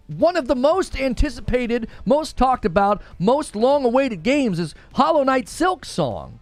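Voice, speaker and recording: A man's voice: very high voice, big pitch swings, unhurried, hardly any pauses, no echo, faint music behind. A man co-hosting a gaming news show, ranting in an exasperated, sarcastic way. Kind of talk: heated gaming podcast rant.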